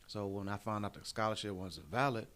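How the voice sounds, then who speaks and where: Male comedian guest, casual animated storyteller, does the voices of people in his stories. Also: on the low side, brisk. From Detroit. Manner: animated, acts out quotes in raised voice.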